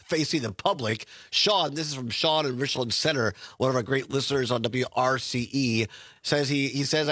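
A man's voice: mid-range voice, fairly bright tone, no echo, studio quality. A man from Wisconsin hosting a political call-in radio show, chatty, with frequent fillers and short laughs. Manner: chatty, laughs between phrases, many fillers. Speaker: radio talk show host. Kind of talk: casual political talk radio.

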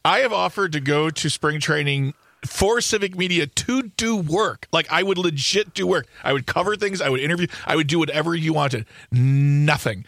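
A man's voice: a little high, normal speed, vocal fry, fairly bright tone, no room sound, clean studio sound. A man co-hosting a radio chat, making wry, sarcastic asides. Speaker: radio co-host.

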